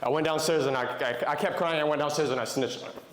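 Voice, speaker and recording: This young adult man gives a Christian talk aimed at young men, mixing conversational stories with questions for the crowd, as a motivational speaker. His voice sits on the high side, steady in tone and fast. The recording has room echo.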